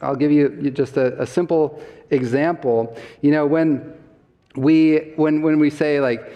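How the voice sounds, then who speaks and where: A man with a fairly high voice lectures to a live crowd. He quizzes the audience and laughs along with them. His voice rings with long reverb from a church hall. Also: steady tone, unhurried, lo-fi sound. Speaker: health summit speaker.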